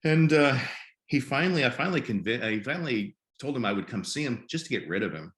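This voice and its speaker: A man in his fifties from Nebraska, a podcast guest telling his story in a halting way and often repeating words. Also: medium pitch, animated, a bit bright. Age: 50s. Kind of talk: conversational storytelling. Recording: roomy echo.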